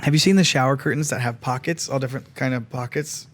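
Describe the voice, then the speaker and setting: A man's voice: medium pitch, fast, fairly bright tone. A man co-hosting a podcast in casual comedic chat, with playful, mock-dramatic asides. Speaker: podcast co-host.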